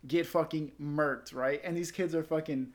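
A man with a slightly high voice telling a long casual story. He rambles, swears freely, and acts out the lines of other people as he goes. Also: fairly even intonation, moderate pace.

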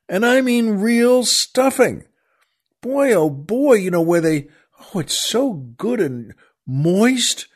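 Ranting, higher-pitched male show host. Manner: ranting, exasperated, jokey. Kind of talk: casual comedic monologue.

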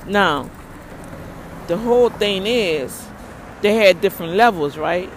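A woman's voice: mid-range voice, slow. Woman vlogger recounting a run-in from her car, emphatic and prayerful, light background hum. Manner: animated, exclaims prayers, repeats herself. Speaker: ministry leader. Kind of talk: storytelling vlog rant.

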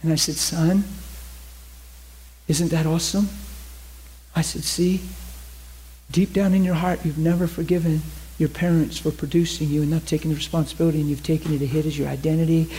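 A male preacher telling a story in a sermon, acting out the dialogue and dropping to an intense hush. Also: a little high, fast talker, poor audio. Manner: animated, acts out dialogue, drops to an intense hush.

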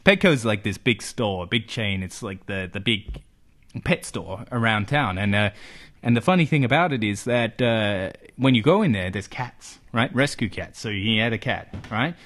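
A man's voice: on the low side, animated, moderate pace, a bit bright. A man from Australia hosting a comedy podcast, telling a rambling story full of fillers and rhetorical questions. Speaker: podcast host. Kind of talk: casual comedic chat.

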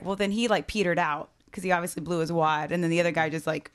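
A woman's voice: fairly low pitch, fast talker, a bit bright. A woman co-host trading dry jokes in improvised comedy banter. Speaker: podcast co-host.

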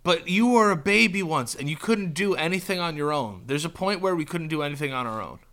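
Male podcast co-host, slightly high, bright voice, jokey and musing. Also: animated. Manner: joking, quick reactions, musing. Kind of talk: casual chat.

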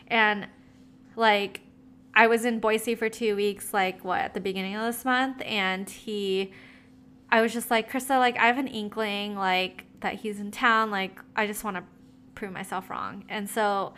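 Bright-voiced young woman telling gossip. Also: medium pitch, slight background noise. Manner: gossipy, swearing, many fillers. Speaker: storyteller. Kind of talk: casual chat.

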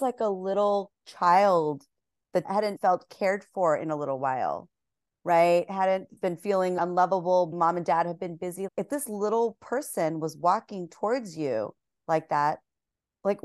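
A woman guest on a podcast, speaking gently and reflectively and laughing easily. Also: lowish voice, lively intonation, a little slow, dry recording, clean studio sound. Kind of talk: conversational podcast talk.

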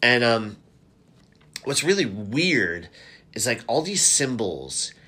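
A man chatting casually as a podcast co-host, animated and quick to act out characters' lines. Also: medium pitch, husky. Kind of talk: casual chat recapping a TV episode.

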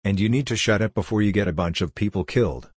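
Calm male auditor read by narrator: measured, deep, husky. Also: no echo, clean studio sound.

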